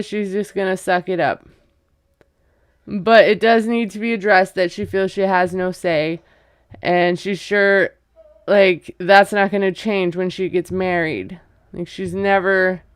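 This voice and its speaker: A woman's voice: medium pitch, clean tone, dry recording, clean studio sound. A woman casually recapping a reality show, chatty and gossipy, acting out quotes and laughing as she goes. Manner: gossipy, retells scenes with quoted voices and laughs.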